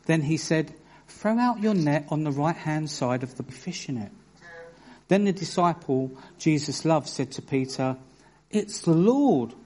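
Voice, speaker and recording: A man preaching a sermon, telling stories with earnest emphasis and reading scripture aloud in a measured way. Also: medium pitch, a little mellow, slight background noise. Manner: earnest storytelling with bursts of emphasis.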